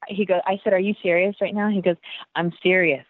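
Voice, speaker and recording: A woman dancer telling a story in an interview, animated, acting out the voices she quotes and laughing often. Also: lowish voice, fast, no room sound. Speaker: guest dancer. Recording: tinny phone-like line, dry.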